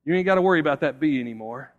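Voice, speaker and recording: A man doing a gentle reassuring dad. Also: on the high side, lively intonation, racing, highs cut off, lightly acted. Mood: soothing. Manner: gentle, soothing. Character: calm reassuring father with a stung hand. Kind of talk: sermon illustration.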